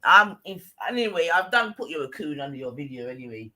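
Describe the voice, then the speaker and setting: A man with a London accent hosting a livestream, ranting scornfully and loudly at people he is reacting to. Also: on the high side, very animated, a little fast. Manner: scornful, loud, swearing. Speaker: livestream host. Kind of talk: heated livestream rant.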